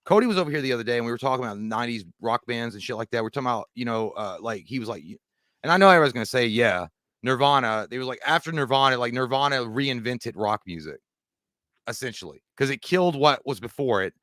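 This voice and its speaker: A man's voice: medium pitch, lively intonation, a bit bright, no room sound, clean studio sound. A man co-hosting a live movie stream, joking around, swearing and often restarting his sentences. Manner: joking, profane, halting. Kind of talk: casual chat.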